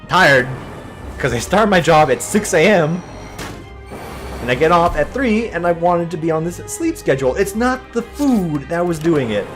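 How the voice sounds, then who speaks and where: A young man hosting a gaming video, chatting casually over gameplay and telling animated stories in which he mimics other people's exaggerated voices. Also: a little high, moderate pace, soft background music. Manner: animated storytelling, voicing exaggerated quoted people.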